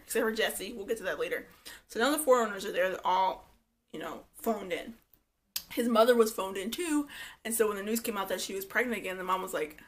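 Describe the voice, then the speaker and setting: A woman's voice: medium pitch, a bit bright. A woman giving a blunt, opinionated, gossipy casual review of a reality show. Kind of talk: casual commentary vlog.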